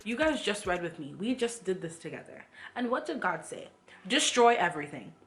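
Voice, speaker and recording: A woman's voice: mid-range voice, very animated, a little fast, faint music behind. A woman leading a Bible read-along, reading aloud and adding emphatic commentary full of rhetorical questions. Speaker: Bible study vlogger.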